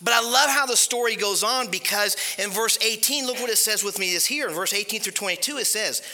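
Bright, lively male pastor preaching. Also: high-pitched, brisk. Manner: animated, conversational preaching with rhetorical questions. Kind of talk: sermon.

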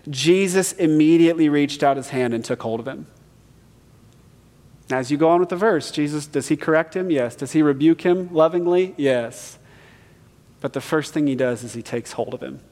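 A man's voice: a little high, darkish tone. A man preaching a sermon as pastor, earnest and emphatic, reading scripture aloud and explaining it. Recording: reverberant hall.

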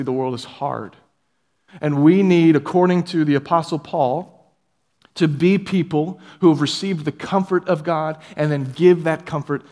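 A man with a slightly raised pitch preaches a sermon in a church. He talks earnestly and directly to his congregation, climbing into emphatic peaks. The long reverb of the sanctuary trails each phrase. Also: a little mellow. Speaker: pastor.

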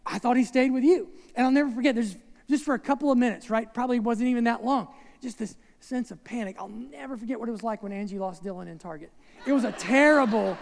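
A man's voice: high-pitched, creaky. Man preaching in an echoey hall. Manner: conversational preaching with asides and rhetorical questions. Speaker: pastor. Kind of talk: sermon. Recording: long reverb of a large hall.

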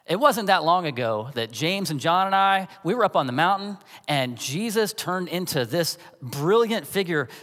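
A man's voice: high-pitched, lively intonation, moderate pace, few pauses, a bit bright. A man voicing the apostle Peter as a plainspoken, folksy middle-aged storyteller, in a reverberant hall. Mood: earnest. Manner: chatty, folksy retelling.

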